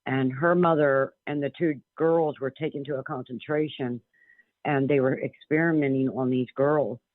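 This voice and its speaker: This radio-show caller is a man with a medium-pitched voice, fairly even intonation and a moderate pace, recorded dry. Speaking by telephone on a tinny line, he rambles earnestly through a long personal story and restarts many times.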